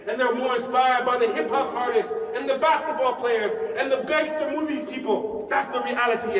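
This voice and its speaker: A man's voice: very high voice, steady tone, moderate pace, hardly any pauses, fairly bright tone. A man preaching a fiery sermon, pleading with passion and repeatedly calling to his brothers. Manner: impassioned, repeatedly calls to the brothers. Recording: echoey hall from far off, with crowd.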